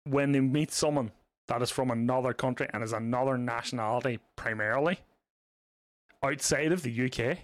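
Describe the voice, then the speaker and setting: A man's voice: medium pitch, a little fast, dry recording. Cheerful swearing Irish man. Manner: swears freely, laughs often. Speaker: guest. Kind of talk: casual podcast chat.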